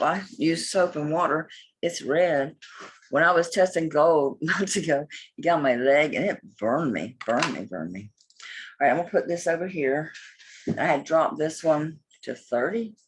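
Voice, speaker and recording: A woman's voice: deep voice, a little hiss or hum. A middle-aged woman chatting casually and bluntly while selling jewelry online, swearing freely as she talks. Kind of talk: casual live sales chat.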